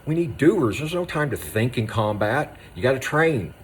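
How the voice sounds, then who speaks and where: A man, an Army veteran, gives a raw spoken monologue, hammering short phrases with intensity and often dropping to a hushed voice. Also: medium pitch, lively intonation, normal speed, slight background noise. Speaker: Army veteran speaking on moral injury.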